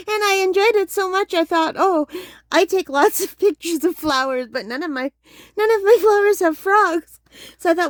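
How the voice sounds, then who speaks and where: A young woman hosts a casual unboxing vlog for her crafting channel. Her voice sits very high and her delivery is slow and unhurried. She keeps collapsing into helpless giggles, and the sound is close and dry. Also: dry recording. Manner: giggly, breaks into helpless laughter.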